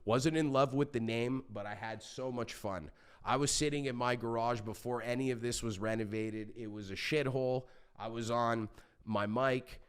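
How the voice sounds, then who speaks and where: A man talking as a podcast guest, telling stories in a passionate, animated way and swearing freely. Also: mid-range voice, moderate pace, clear, resonant tone. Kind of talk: casual interview talk.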